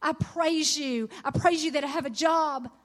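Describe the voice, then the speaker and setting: High-voiced woman preaching earnestly. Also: normal speed. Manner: earnest, encouraging, rising to excited emphasis on scripture. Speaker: women's conference speaker. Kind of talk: sermon.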